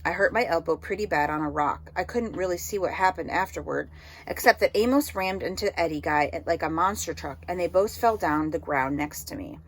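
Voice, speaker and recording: A woman reading an audiobook novel aloud in steady storytelling narration. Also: on the low side, a little fast. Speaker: audiobook reader.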